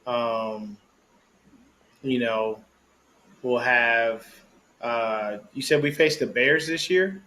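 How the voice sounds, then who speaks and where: A man co-hosting a casual sports podcast, chatting in an animated, slangy way and laughing often. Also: mid-range voice, drawn-out words, long pauses. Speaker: podcast co-host.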